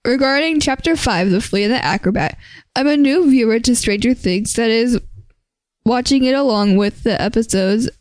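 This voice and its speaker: A woman's voice: on the high side, moderate pace, darkish tone, dry recording. A woman co-hosting a podcast, teasing her partner with dry quips and reading listener mail. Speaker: podcast co-host. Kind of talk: casual podcast chat.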